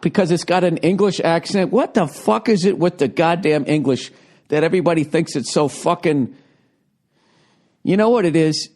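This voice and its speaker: A man's voice: fairly high pitch, a little mellow. A man hosting his podcast from home, ranting sarcastically with lots of swearing in a rambling comedic monologue, recorded on a handheld digital recorder. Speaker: podcast host.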